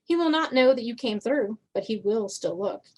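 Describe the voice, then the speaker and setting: A woman's voice: a little high, lively intonation, moderate pace, darkish tone. Stern male guardian, grave warnings, a woman reads him. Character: stern male protector of his people.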